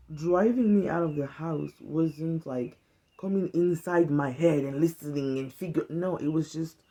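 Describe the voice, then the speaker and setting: Gravelly, earnest woman vlogging. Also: sits low, warm tone. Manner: earnest, conversational, emphatic. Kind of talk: casual heartfelt monologue to camera.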